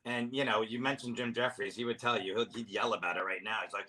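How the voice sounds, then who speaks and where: A man's voice: on the low side, fairly even intonation, quick pace, pushed and bright. A man, a comedian guest in a casual chat, talking in a rambling, self-deprecating way with lots of restarts. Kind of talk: casual chat over drinks.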